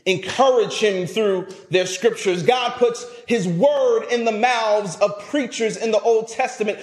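High-voiced pastor preaching in an echoey church. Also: male voice, a little slow. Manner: emphatic, swings between loud peaks and low trailing phrase ends; repeats words as he restarts. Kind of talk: sermon. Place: church sanctuary.

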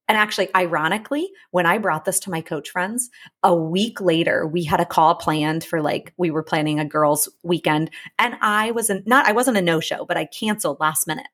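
A woman relationship coach talks through her podcast in a somewhat low, husky voice. She is earnest and chatty, wanders into asides, then slows down to say her key lines twice. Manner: earnest, repeats key lines slowly for emphasis. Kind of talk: casual podcast monologue.

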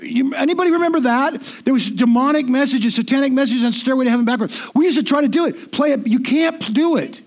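Middle-aged guy preaching, high-ish voice, chatty and jokey, lots of stumbles and repeats. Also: fast, hardly any pauses. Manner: conversational and self-deprecating, with frequent repetitions. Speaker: pastor. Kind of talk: sermon.

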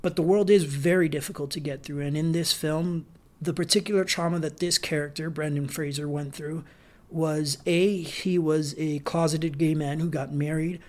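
Young male solo podcast host, slightly high voice, casual rambling film-review delivery. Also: fairly even intonation, a little mellow. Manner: loose, rambling, acts out scenes with quick quoted voices.

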